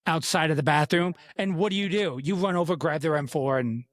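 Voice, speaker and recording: A man in his fifties chatting bluntly on a podcast, swearing without a second thought. His voice sits a little high for a man, and the sound is dry and close. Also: fairly quick, dry recording. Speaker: podcast co-host. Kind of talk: casual chat.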